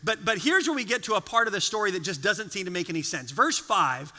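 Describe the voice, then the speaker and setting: A male pastor preaching in a church with a high, very bright voice that rings out into the hall behind him. He tells stories with animated energy and acts out the people he quotes, and his voice trails off into long reverb. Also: fairly quick, hardly any pauses. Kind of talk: sermon. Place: church sanctuary.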